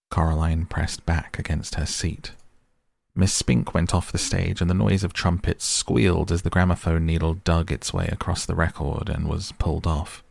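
A man reading a storybook aloud at a slow, measured pace. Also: a bass voice, vocal fry, darkish tone, no echo. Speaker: narrator.

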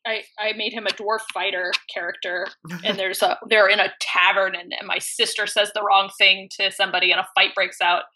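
Woman in her thirties, casual storyteller, animated, bright tone. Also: medium pitch, fairly quick. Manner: animated, acts out quotes in voices, laughs often. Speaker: podcast guest.

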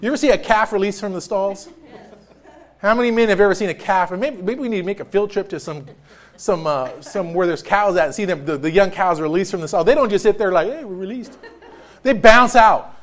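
A man's voice: high voice, brisk. A man preaching a sermon as pastor in a church, joking and storytelling with frequent laughter. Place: church sanctuary.

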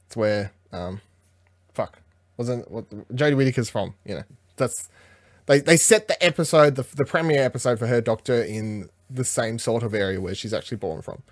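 A man's voice: medium pitch, animated, normal speed, no room sound, clean studio sound. A man co-hosting a casual episode recap, rambling, swearing freely and acting out the characters' lines. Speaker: podcast co-host.

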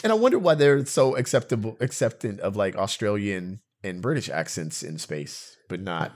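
Animated man in casual chat. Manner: animated, jumps between high and low pitch, fast asides.

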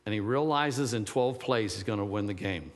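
A man's voice: on the low side, normal speed. A man preaching a sermon, rambling and searching for words, then rising to emphatic fervor. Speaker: pastor. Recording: long hall reverb.

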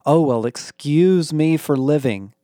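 A man's voice: mid-range voice, fairly even intonation, slow pace, warm tone, no room sound, clean studio sound, close to an everyday voice. A man voicing an exasperated, sarcastic young woman who drawls her words.

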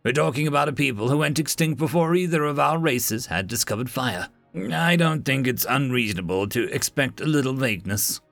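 A man's voice: mid-range voice, sing-song, normal speed, creaky, a bit bright, no room sound, soft background music. A man voicing a nervous little blue lizard alien scholar who gets defensive and fussy, talking in an audiobook-style story.

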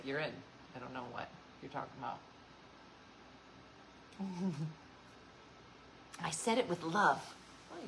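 A woman's voice: on the low side, fairly bright tone, a little hiss or hum, poor audio. A woman hosting a casual chat show, talking with viewers, laughing often and acting out what people said. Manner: chatty, laughs often, acts out quoted voices. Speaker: host.

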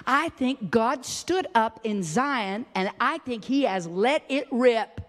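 A woman preaching a sermon, swinging from high exclaiming to hushed whispers. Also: animated, normal speed, hardly any pauses. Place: church sanctuary. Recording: long reverb of a church hall.

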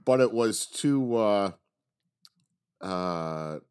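A man's voice: lowish voice, animated, very slow, a little mellow, clear, resonant tone. A man in casual podcast chat, crude and blunt, tossing in wisecracks.

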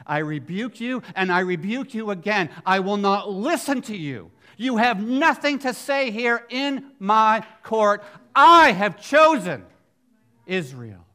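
A man preaching acts out God as a stern male judge giving his ruling, his voice rising to a commanding boom. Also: big pitch swings, measured pace, hardly any pauses.

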